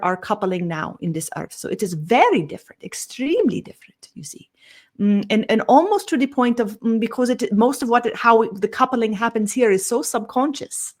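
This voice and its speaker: A woman with a slightly high voice delivers a slow, meandering channeled spiritual talk. She hums "mm" between phrases, tags nearly every thought with "you see," and lets her phrase endings trail off quietly.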